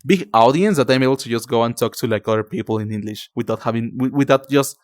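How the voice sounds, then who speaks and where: A man's voice: medium pitch, fast, dry recording, studio quality. A young man from Mexico, a native Spanish speaker with a Mexican Spanish accent, chatting casually with stream viewers, rambling with many fillers and calling them darling. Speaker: livestreamer.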